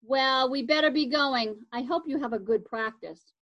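A woman voicing a brisk, bossy big sister. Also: high-pitched, highs cut off. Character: brisk, determined older sister, a girl. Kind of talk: reading a children's chapter book aloud.

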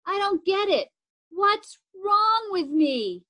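A woman puts on a homesick big-sister girl, her voice lifted high and shaky with tears. She pleads slowly, as if barely holding herself together. The girl sounds young and heartbroken in this storybook reading. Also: expressive, a bit bright. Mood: sobbing. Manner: sobbing, pleading.

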